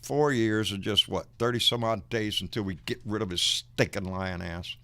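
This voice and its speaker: A man's voice: lowish voice, normal speed, fairly bright tone. Folksy, profane male live-stream host. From United States. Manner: folksy, profane, calls viewers "baby", many "uh"s and restarts. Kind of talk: casual live-stream chat. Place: home studio in Texas.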